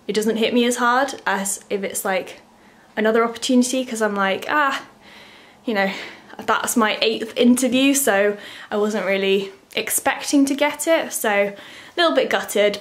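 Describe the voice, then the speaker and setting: A young woman, chatting casually to camera as a vlogger, rambling and full of filler words. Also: mid-range voice.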